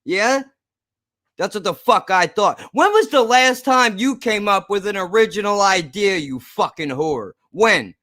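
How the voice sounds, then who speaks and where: A man's voice: sits high, expressive, a little slow, pushed and bright, no room sound, studio quality. A man ranting angrily to camera in a video blog, profane, sarcastic and repetitive. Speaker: YouTube creator. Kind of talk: angry ranting vlog to camera.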